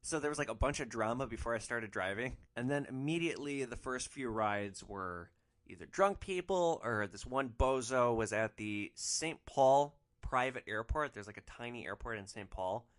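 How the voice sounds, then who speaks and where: Lively man telling a rideshare story. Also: medium pitch, normal speed. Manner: animated, swearing, frequent "like" fillers. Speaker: rideshare driver podcast host. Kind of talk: casual anecdote storytelling.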